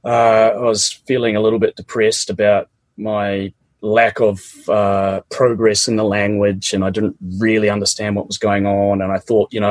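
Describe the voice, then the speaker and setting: A man's voice: fairly low pitch, normal speed, no room sound. A middle-aged man with a New Zealand accent, casually and animatedly telling a personal story, often laughing.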